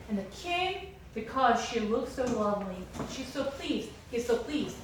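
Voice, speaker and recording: A woman teaches a Bible class and retells the story with lively, chatty energy. She is recorded from a distance in a very echoey lecture room, with a faint hiss beneath. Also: a little high, a little slow. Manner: animated, conversational, fillers of "like". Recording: roomy lecture hall, distant mic.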